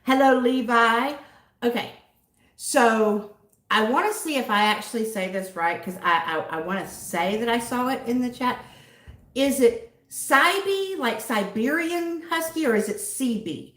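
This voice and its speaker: A woman's voice: a little high, normal speed, a bit bright. Southern woman, livestream host, chatty and giggly, roomy echoey sound. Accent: Southern American. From southern United States. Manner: chatty, giggly, greets viewers by name. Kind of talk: casual livestream chat.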